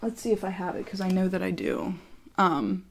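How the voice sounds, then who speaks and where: Woman vlogger, lowish voice, storytime rant, swears a lot, loose and chatty. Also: normal speed, creaky. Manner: chatty and blunt, swears freely, fills with "like". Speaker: YouTuber telling a personal story. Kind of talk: casual storytime vlog.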